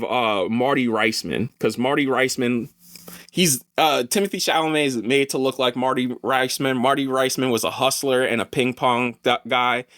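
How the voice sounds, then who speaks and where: Animated slangy man, dry close sound. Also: mid-range voice, no room sound. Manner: animated, swearing, slangy, laughs a lot. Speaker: podcast host, film reviewer. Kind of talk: casual chat.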